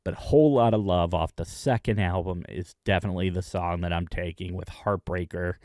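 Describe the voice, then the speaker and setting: A man hosting his own video, chatting enthusiastically in a casual rundown with frequent pauses. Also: low voice, darkish tone, no echo, clean studio sound. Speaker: music video host.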